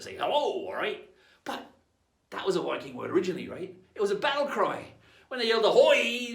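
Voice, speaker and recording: A man with an Australian accent playing a pirate captain for kids, laughing often and leading call-and-response shouts in a playful lesson aboard a ship. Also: high voice. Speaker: pirate-themed children's presenter. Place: aboard an old sailing ship in a harbour. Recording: echoey sound from a distant mic.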